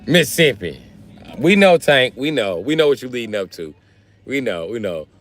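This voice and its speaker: Loud joking man on a livestream. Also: medium pitch, big pitch swings, moderate pace, soft background music. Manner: loud, joking banter with crude slang. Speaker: livestreamer reading chat. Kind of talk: casual live stream chat. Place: South Carolina.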